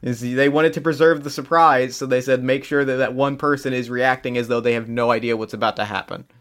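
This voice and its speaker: A man's voice: medium pitch, steady tone, brisk, a bit bright. A man co-hosting a podcast in casual chat, easygoing and explanatory. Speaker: podcast co-host.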